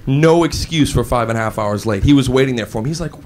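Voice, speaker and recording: A male stand-up comedian telling an animated story, acting out voices with big pitch jumps. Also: fast talker, hardly any pauses, a little hiss or hum. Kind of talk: stand-up routine. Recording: live stage with loud crowd laughter. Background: audience laughing.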